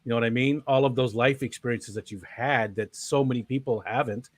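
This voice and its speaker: A man's voice: medium pitch, steady tone, brisk, dry recording. A man hosting a casual interview stream, rambling and chuckling as he talks. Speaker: stream host.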